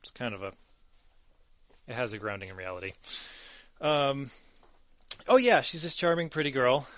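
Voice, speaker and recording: A man's voice: medium pitch, normal speed, no echo. Man running a tabletop game. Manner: relaxed, rambling with many ums. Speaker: game master.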